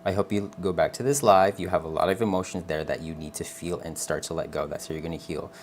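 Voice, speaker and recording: A man giving a live tarot reading to viewers. He speaks in a gentle, earnest, reassuring way, calls the listener honey, and keeps checking in with "okay?". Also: deep voice, fairly even intonation, quick pace, slight background noise. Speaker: tarot reader.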